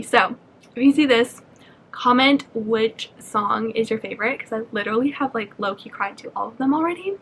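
A woman's voice: a little high, moderate pace, fairly bright tone, slight background noise. A young woman chatting casually to her camera, bubbly and gushing about her day as a student vlogger. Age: young adult. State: out of breath. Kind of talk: casual vlog chat. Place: college dorm room.

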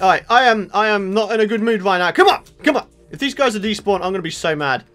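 A young man giving let's play commentary, excitable and exasperated, ranting with sudden outbursts. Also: high-pitched, fast, few pauses. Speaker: gaming channel host.

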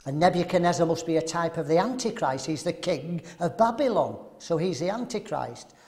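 Animated preacher, high voice. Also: male voice, normal speed. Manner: animated, rhetorical questions to the audience. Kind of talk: sermon at a men's seminar.

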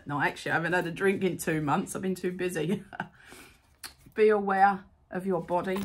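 A woman's voice: on the low side, moderate pace, fairly bright tone. Chatty, gushing woman. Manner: chatty and gushing, says "proper cute". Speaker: unboxing vlogger. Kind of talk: casual unboxing chat.

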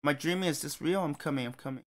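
A man's voice: a little high, rapid-fire, natural voice. A man voicing an earnest, polite young male elf leader. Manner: earnest, apologetic.

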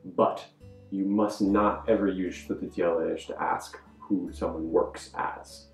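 A man's voice: sits low, fairly even intonation, slow pace, creaky. A man co-hosting a video language lesson, adding grammar explanations and comparisons. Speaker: co-host. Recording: echoey room with faint guitar music.

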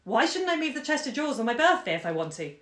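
A woman's voice: high voice, very animated, moderate pace, a bit bright, voice pushed up. A woman voicing a weary middle-aged wife who snaps back, read aloud in an echoey room. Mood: snappish.

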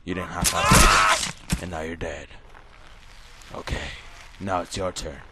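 A man voicing a sinister male killer villain who announces deadly tests in slow, menacing pronouncements, over loud game sounds. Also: low voice, full character voice. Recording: loud game noise behind.

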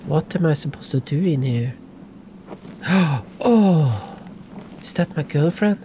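Excitable man, wide-ranging voice. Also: a little high, takes it slowly, noisy background. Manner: excitable, laughs often, swings between loud yelps and hushed talk. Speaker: gaming YouTuber. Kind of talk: let's play commentary.

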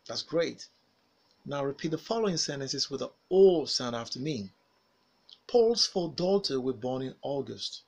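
A man teaching phonics, saying single words and sentences slowly and carefully for learners to repeat. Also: mid-range voice, expressive, gravelly, poor audio. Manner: slow, carefully enunciated single words with pauses for repetition. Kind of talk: pronunciation drill lesson.

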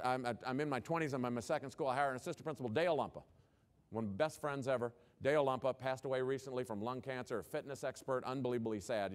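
A man who is a former principal, giving a keynote talk to school leaders with punchy rhetorical questions and folksy humor. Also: mid-range voice. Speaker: education speaker, former principal.

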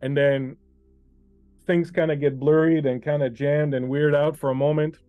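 A man running a tabletop game as game master, narrating scenes to a player in an unhurried, second-person way over an online call. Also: fairly high pitch, steady tone, no echo, phone-quality sound, soft background music.

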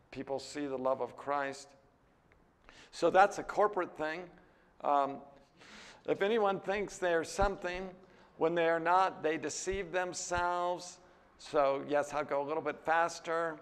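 Older man, American, Bible class lecture, fairly high voice, candid, conversational, animated. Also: clean tone, long reverb tail. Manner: candid, conversational, with frequent "right?" and "you know"; lively, jumps higher when animated. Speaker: seminary teacher.

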